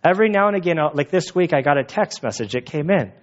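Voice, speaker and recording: A man's voice: on the high side, animated, fast talker. A man preaches a sermon with a slightly raised voice. He talks like he is telling a story to friends, with loose fillers and restarts. The recording sounds dull and lo-fi. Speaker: pastor.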